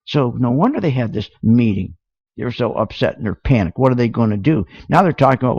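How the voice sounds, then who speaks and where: A man's voice: mid-range voice, animated, fast talker, no echo. A man hosting a radio talk show, ranting indignantly with rhetorical questions, heard through a dull lo-fi radio sound. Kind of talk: opinionated radio talk on markets.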